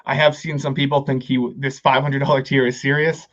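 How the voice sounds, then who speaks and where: A man's voice: mid-range voice, little pitch movement, a little fast. Male podcast host, loose and profane, stumbling restarts, slightly dull audio. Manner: rambling, profane, many restarts. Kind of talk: casual chat.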